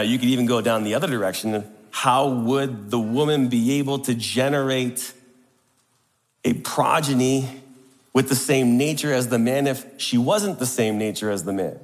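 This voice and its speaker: A man's voice: medium pitch, normal speed, big-room sound. A man preaching a sermon to a congregation, emphatic and posing rhetorical questions.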